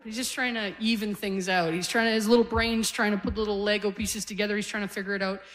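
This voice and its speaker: A woman's voice: medium pitch, fairly even intonation, quick pace, fairly bright tone, long reverb tail. A woman in her forties from Canada doing a stand-up comedy set on stage, telling wry, conversational stories to a live crowd. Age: 40s. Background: audience laughter.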